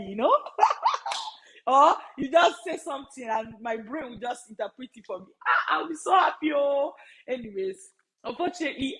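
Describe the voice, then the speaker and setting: A woman's voice: fairly high pitch, rough recording. A woman study-abroad mentor speaking casually to viewers on a live stream, emphatic, repeating her key phrases and laughing often.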